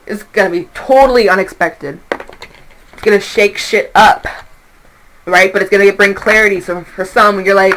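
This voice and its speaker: A young woman giving a casual tarot reading, animated and profane, slipping into quoted voices as she talks. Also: mid-range voice, rough recording. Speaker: tarot reader.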